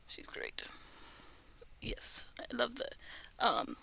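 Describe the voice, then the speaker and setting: A woman's voice: fairly high pitch, vocal fry, a bit bright. A young woman streaming from her bedroom, chatting in a rambling, giggly way that often drops to a whisper. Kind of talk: casual chat on a livestream.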